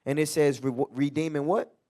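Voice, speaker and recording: A man's voice: on the high side, fairly even intonation, moderate pace, a little mellow. A man leading a Bible class in a loose, conversational preaching manner, acting out everyday quotes. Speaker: teacher. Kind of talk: street-style Bible class teaching.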